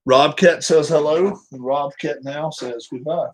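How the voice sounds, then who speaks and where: A man's voice: mid-range voice, normal speed, hardly any pauses, poor audio. A man hosting a live stream, chatting casually with his viewers in a rambling way while setting up a game.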